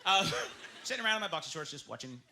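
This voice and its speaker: A man from Canada doing a stand-up comedy set on a club stage, animated and slipping into silly voices. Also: on the high side, fast. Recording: loud club crowd noise behind.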